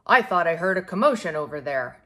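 Small grumpy bear, woman doing it, slow and wise, storybook. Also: on the low side, sing-song, fairly bright tone. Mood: kindly. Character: small grumpy male bear, kindly helper.

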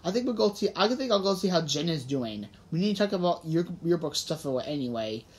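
A woman's voice: fairly low pitch, lively intonation, brisk, natural voice. A woman voicing a dismissive, bored schoolgirl, in an audiobook reading.

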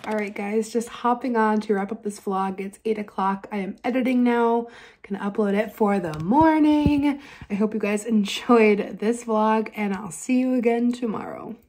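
A young woman vlogging casually at home, gushing and excitable, sometimes dropping to a soft voice. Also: mid-range voice, moderate pace. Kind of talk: casual vlog chat. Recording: faint background noise.

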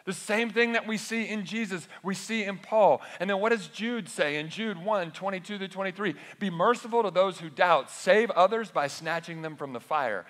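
A man's voice: sits high, normal speed, few pauses, fairly bright tone. A man preaching a sermon as pastor, conversational, often asking the congregation rhetorical questions. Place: church sanctuary. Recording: long echo of a church hall.

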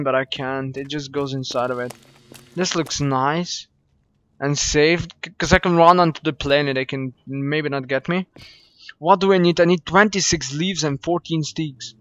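Young man, gameplay commentary, excitable and jumpy, slightly high voice, faint background hiss. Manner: excitable, jumpy, swears when startled. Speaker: gaming YouTuber. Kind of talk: first-play horror game commentary.

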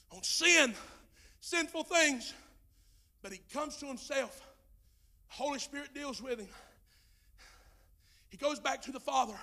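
A male pastor preaching a sermon with passion, dropping to a hush and then rising to shouts, in folksy Southern speech. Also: very high-pitched, moderate pace, pauses often. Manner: impassioned preaching, swinging from hushed to shouting. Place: church sanctuary.

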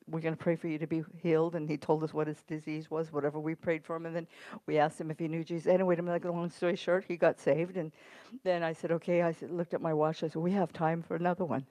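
A woman's voice: fairly low pitch, a little mellow, no echo. A middle-aged woman preaching in a church, telling a story in a conversational way and then urging her listeners on with emphasis. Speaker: guest preacher. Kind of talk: sermon with storytelling. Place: church sanctuary.

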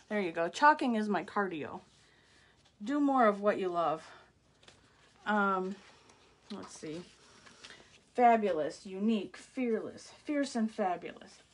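A woman's voice: medium pitch, animated, slow pace, pauses often, slightly rough. A middle-aged woman casually walking viewers through craft products, gushing and exclaiming as she goes. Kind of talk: casual live product walkthrough.

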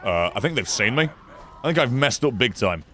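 A man giving excitable, sarcastic commentary over his own gameplay, often swearing. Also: medium pitch, a little fast. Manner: excitable, sarcastic, swearing, frequent yelps and laughs. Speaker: gaming channel host.

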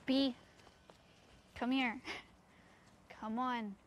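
In a dry recording, a young woman speaks with a fairly high pitch, fairly even intonation, and drawn-out words. She's a sanctuary owner streaming live outdoors, chatting casually and coaxing her goats along.

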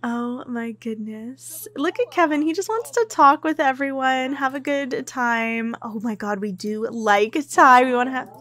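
A woman giving casual, chatty commentary over a life-simulation game, excitable and quick to gasp. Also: high voice. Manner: chatty and excitable, with gasps and laughs. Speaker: gameplay commentator. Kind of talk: casual let's-play commentary.

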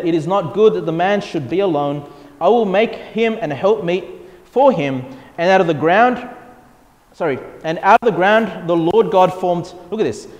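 A man preaching a sermon as a pastor, reading scripture and acting out voices in prayers. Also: high-pitched. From Australia. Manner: animated preaching, acts out God's voice and people's prayers. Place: church hall. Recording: echoey church hall.

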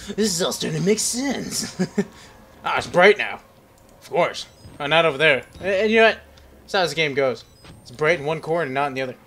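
Through a headset, a young man with a slightly high, a bit bright voice comments on a horror game in a casual, wandering way. The gaming commentator jokes through his nerves and chats with the characters in front of him.

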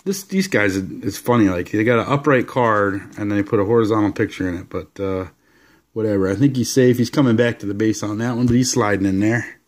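A man's voice: fairly low pitch, brisk. Laid-back man chatting over his cards. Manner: relaxed, rambling, enthusiastic asides. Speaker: card collector showing his collection. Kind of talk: casual card-showing vlog.

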